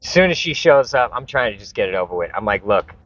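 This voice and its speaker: Low-voiced man telling a rambling story. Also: big pitch swings, fast, fairly bright tone. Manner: rambling, profane, repeats and restarts. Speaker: vlogger. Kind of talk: casual storytelling to camera. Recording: dull lo-fi recording.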